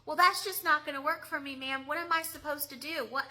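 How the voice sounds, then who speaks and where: A woman's voice: high voice, fairly even intonation, fairly quick, sharp tone, voice pushed up. A woman mimicking a scornful female loan clerk. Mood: scolding. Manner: condescending and scolding. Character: rude, dismissive female loan office clerk.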